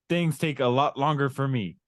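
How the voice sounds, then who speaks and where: A grumpy caterpillar voiced by a man grumbles that everything takes him longer. The voice stays close to a man's everyday speech, unhurried and fed up, with little acting on top. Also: medium pitch, no room sound, close to an everyday voice. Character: weary male caterpillar, slow and grumpy.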